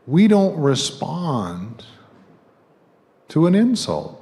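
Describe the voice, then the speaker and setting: Here the guest preacher, a middle-aged man, talks very slowly in a warm, fairly high voice whose pitch swoops wildly. He addresses the congregation conversationally with joking asides, and the church sanctuary lends a long reverb.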